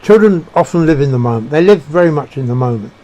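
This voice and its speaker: Man, reflective monologue, gropes for words, somewhat high pitch, warm dark tone. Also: lively intonation. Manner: halting, searching for words, many restarts. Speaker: speaker sharing personal beliefs.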